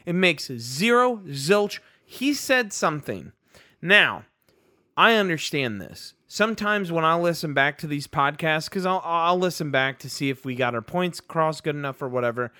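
A man's voice: fairly high pitch, animated, moderate pace, sharp tone, no room sound, clean studio sound. A man co-hosting a sports podcast, ranting in heated casual talk and rising to outbursts of disbelief. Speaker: podcast co-host.

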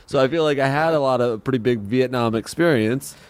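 A man co-hosting a comedy podcast, rambling through advice with deadpan jokes. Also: mid-range voice, fairly quick, smooth, no room sound. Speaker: podcast co-host. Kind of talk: casual comedic chat.

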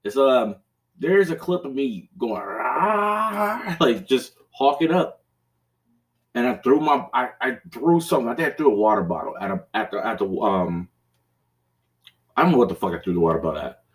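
A man's voice: mid-range voice, animated, normal speed, distant mic. A man hosting a podcast in casual chat, rambling and profane, laughing often and acting out his own outbursts. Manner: acts out his own raging outbursts loudly. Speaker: podcast host.

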